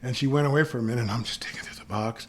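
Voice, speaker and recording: A man's voice: mid-range voice, rapid-fire. A man from Los Angeles telling a story as a podcast guest in a casual, rambling way, with many restarts, acting out the people he quotes. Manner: animated storyteller who acts out the people he quotes.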